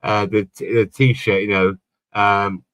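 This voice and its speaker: Bright-voiced man telling rambling stories. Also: lowish voice, flat delivery, takes it slowly, dry recording. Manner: rambling anecdotal storyteller, swears casually. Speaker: podcast panelist. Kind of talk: casual chat.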